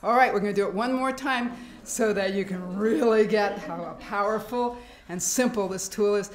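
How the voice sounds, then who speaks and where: Animated woman speaker in an echoey room. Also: medium pitch, normal speed. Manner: animated, acts out fearful thoughts, laughs often. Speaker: workshop speaker. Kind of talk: talk to a live audience. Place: hospital meeting room.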